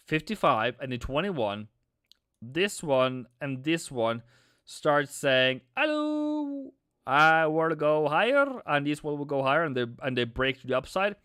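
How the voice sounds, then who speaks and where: A man's voice: mid-range voice, a bit bright, dry recording. Guy doing a live trading stream, talks loose and repeats stuff, clean dry mic. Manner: chatty, repeats himself, answers viewers. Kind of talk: live-stream market analysis.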